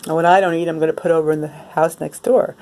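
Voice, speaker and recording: A woman's voice: low-pitched, steady tone, fast talker, darkish tone, rough recording. A woman chatting casually and rambling as she walks through her home, full of fillers and restarts. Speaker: artist showing her home studio. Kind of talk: casual vlog chat and home tour. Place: home, walking from room to room and into a kitchen. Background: Cajun fiddle music playing from a computer.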